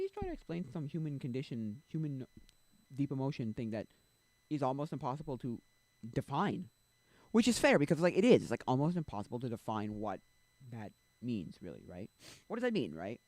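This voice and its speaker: A man chats on a casual livestream from his home setup, rambling through restarts and asides. He is blunt and loose with his words. His pitch swings lively up and down as he talks. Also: a little fast, dry recording, rough recording. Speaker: streamer.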